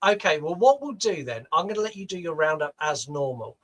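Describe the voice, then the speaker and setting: A man's voice: on the high side, very animated, brisk, low-quality recording. A man with a Southern British accent, co-hosting a podcast in casual chat and teasing his co-host in a playfully bossy way.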